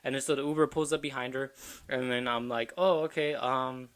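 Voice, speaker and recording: A man's voice: medium pitch, steady tone, fairly quick, a bit bright, clean tone. A man hosting a casual podcast, spinning a crude anecdote with plenty of rambling detours. He laughs at his own jokes as he goes, loose and unpolished. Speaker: podcast co-host. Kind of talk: casual comedic storytelling.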